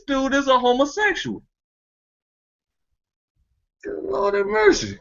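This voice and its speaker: A man's voice: extremely high pitch, big pitch swings, slow pace, gravelly, pauses often, fairly bright tone, lo-fi sound. A man hosting a casual commentary chat, mocking and laughing often, speaking in loose street slang. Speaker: commentary show host.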